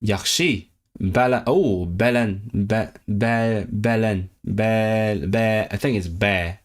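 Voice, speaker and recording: A man from Hong Kong with a lowish voice takes his time as he livestreams his language learning for his chat. He sounds out words, says them repeatedly, and corrects himself aloud.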